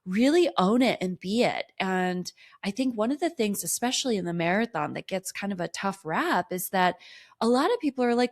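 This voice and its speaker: A woman's voice: mid-range voice, very animated, moderate pace. A woman in her thirties hosting a podcast as a running coach, talking in an upbeat, enthusiastic, motivational way. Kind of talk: solo podcast talk.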